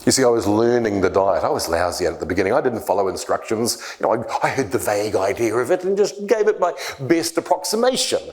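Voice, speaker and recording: Lively low-voiced man teaching leaders. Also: quick pace, hardly any pauses. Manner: animated storyteller acting out quoted voices. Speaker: church leader teaching discipleship. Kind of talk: church leadership talk.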